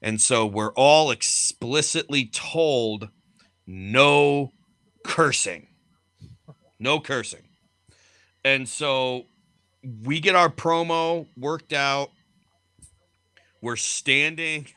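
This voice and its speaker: A man's voice: medium pitch, takes it slowly, pauses often, pushed and bright, clean tone, dry recording, studio quality. A man co-hosting a podcast, telling blunt, profanity-laced stories in casual chat. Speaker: podcast co-host and wrestler.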